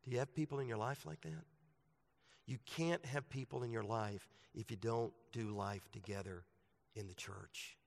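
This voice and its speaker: Guy preaching a sermon, talks like a chat then gets loud, big echoey church. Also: mid-range voice, steady tone, moderate pace, gravelly. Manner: conversational preaching, rising to emphatic passages. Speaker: pastor. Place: church sanctuary. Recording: long reverb of a large hall.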